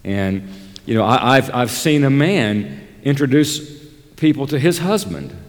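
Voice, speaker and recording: A man preaching a sermon as a pastor, speaking deliberately and emphatically and repeating key phrases for weight. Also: mid-range voice, lively intonation, in a large hall.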